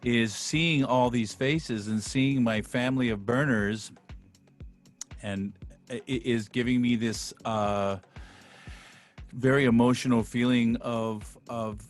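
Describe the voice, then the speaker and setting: A man on a video call who talks in a halting, heartfelt way with a radio DJ flair. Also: medium pitch, fairly even intonation, soft background music. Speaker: guest. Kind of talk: casual chat on a video call.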